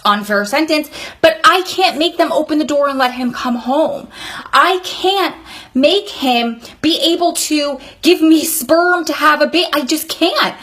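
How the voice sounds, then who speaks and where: Sweating in a hot room, a thirty-something female vlogger pours out emotional, emphatic advice directly to her audience. Her voice sits high and sounds a bit bright.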